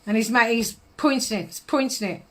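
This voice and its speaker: A woman's voice: fairly high pitch, brisk, a bit bright. A middle-aged woman, giving psychic readings on a live stream in a chatty manner, laughing often and calling viewers darling.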